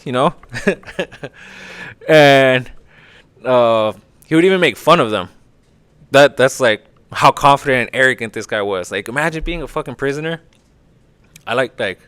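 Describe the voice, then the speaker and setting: A man's voice: mid-range voice, unhurried, pauses often, fairly bright tone, clear, resonant tone, dry recording. A man hosting a podcast, casually retelling a story in a rambling, profane way. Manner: profane, rambling, lots of filler. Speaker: podcast host.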